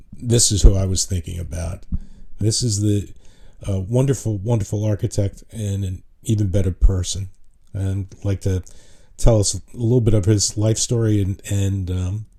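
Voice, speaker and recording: An older man giving a casual lecture as a retired architect, telling personal stories in a halting, rambling way with restarts. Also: on the low side, mellow. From New York City. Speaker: retired architect teaching a class.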